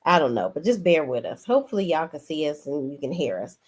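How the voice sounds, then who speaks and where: Black lady casually recapping an episode, lively, acts out the lines. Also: low voice, fast, slightly rough. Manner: animated, acts out characters' lines in a raised voice. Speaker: show review host.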